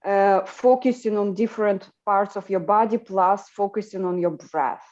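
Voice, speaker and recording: A woman hosting a livestream chat, talking in an animated way with lots of fillers and restarts. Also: medium pitch, moderate pace, lo-fi sound. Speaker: livestream host. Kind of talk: casual group chat on a livestream.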